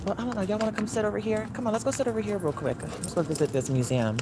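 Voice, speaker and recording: A woman's voice: medium pitch, very fast. Woman chatting on a phone walk. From Mississippi. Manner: chatty, coaxing the dogs between remarks to viewers. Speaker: livestreamer. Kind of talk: casual live-stream chat. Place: outdoors on a city walk. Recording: phone audio with loud outdoor noise. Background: loud outdoor noise.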